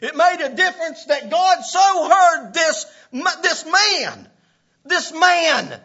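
A man preaching a sermon with passion, often breaking into shouts and laughs. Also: extremely high pitch, lively intonation, slow pace. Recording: dull lo-fi recording.

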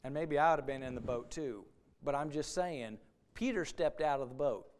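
A man's voice: mid-range voice, normal speed, a little mellow, a little hiss or hum. A man preaching a sermon, earnest, often repeating words and acting out the voices of doubting people.

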